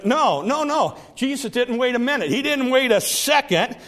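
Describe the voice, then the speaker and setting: A man's voice: very high-pitched, lively intonation, normal speed, few pauses, a bit bright. A middle-aged man preaching a sermon, counting off numbered points and acting out quoted speech with rising emphasis.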